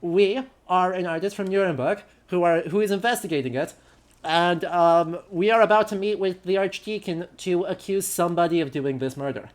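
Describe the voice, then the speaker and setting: A young adult man chatting casually on a live game stream, with many "uh" fillers and a relaxed manner. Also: sits high, moderate pace. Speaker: streamer and historian.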